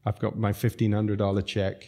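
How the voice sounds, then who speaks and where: A middle-aged restaurateur telling stories on a podcast in a relaxed, mellow voice that sits on the low side. He rambles happily from one story to the next and breaks into laughter as he tells them. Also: normal speed. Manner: laughs through lively anecdotes. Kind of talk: casual storytelling.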